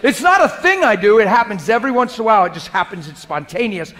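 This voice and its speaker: A middle-aged man preaching a sermon to a live congregation, moving from hushed prayerful murmurs to loud, animated, laughing storytelling. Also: high-pitched, fast. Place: church hall before a live congregation.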